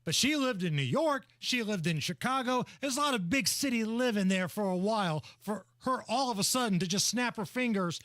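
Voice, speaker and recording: A male radio host trades blunt, mocking banter with his co-host. His voice is high and lively, recorded close and dry in a studio. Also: fairly quick, hardly any pauses, no echo. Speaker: radio talk show host. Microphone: studio microphone.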